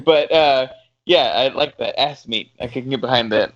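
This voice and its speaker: A man's voice: medium pitch, normal speed, a bit bright, muffled recording. A man guesting on a podcast, musing in an amused, playful way during casual chat.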